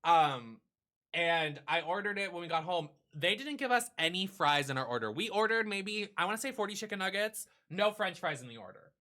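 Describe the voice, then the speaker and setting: Bright-voiced man ranting, animated. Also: high voice, normal speed. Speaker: streamer host. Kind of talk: casual chat with partner.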